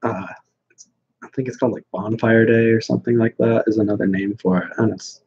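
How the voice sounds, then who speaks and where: Blunt, rambling man with a husky voice. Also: on the low side, steady tone, brisk, a little mellow, highs cut off. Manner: blunt, dismissive, rambling with many fillers. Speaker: host answering viewer questions. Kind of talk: casual livestream chat.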